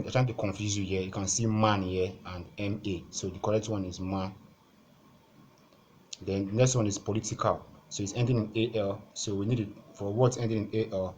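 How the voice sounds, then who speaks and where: Guy tutoring exam prep, lowish voice, goes through each answer step by step and repeats stuff. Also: darkish tone, a little hiss or hum. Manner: methodical, repeats key points step by step. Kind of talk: explaining over on-screen exam questions.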